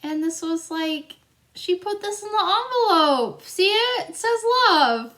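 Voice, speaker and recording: A woman's voice: very high-pitched, animated, unhurried, a bit bright. A young woman telling a story in a vlog, chatty and rambling, with frequent fillers and giggles. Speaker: vlogger.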